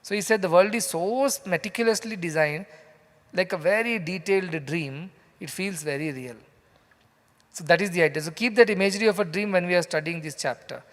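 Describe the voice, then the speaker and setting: A spiritual teacher with an Indian English accent lectures on scripture before a live audience in a large, reverberant hall, telling stories conversationally and asking the listeners questions. His voice is high and fairly bright, and he talks a little fast.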